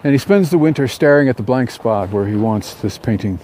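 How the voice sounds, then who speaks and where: Man telling a parable aloud, mellow voice. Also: mid-range voice, expressive, a little hiss or hum. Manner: unscripted, halting, with fillers and restarts. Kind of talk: oral storytelling of a parable.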